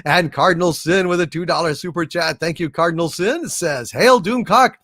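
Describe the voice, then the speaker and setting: A man's voice: fairly high pitch, fairly even intonation, a little fast, no room sound, clean studio sound. A man hosting a casual livestream, chatting and thanking viewers for their messages. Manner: chatty and appreciative, thanks viewers warmly and often. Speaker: livestream host.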